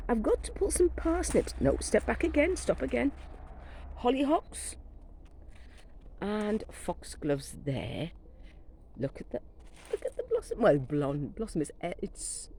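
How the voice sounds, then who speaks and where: A middle-aged woman strolls through her back garden with her phone, chatting and rambling about her plants. Her voice swoops lively between high and low and sounds soft and mellow. She is coming down with a cold, and faint outdoor noise sits behind her. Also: low-quality recording. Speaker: gardening vlogger. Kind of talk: casual garden walk-through. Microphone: phone camera carried while walking.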